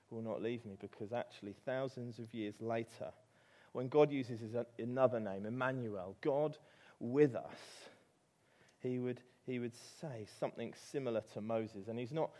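A man's voice: mid-range voice, normal speed, warm tone. A man with an English accent preaching a sermon, telling a story with animation and rising to emphatic peaks.

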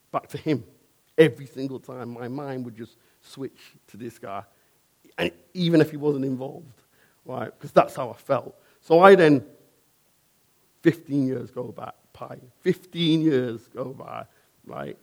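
A man's voice: medium pitch, unhurried, pauses often, darkish tone. A man, a painter and decorator, earnestly telling a personal testimony in a conversational way and often checking in with his listener.

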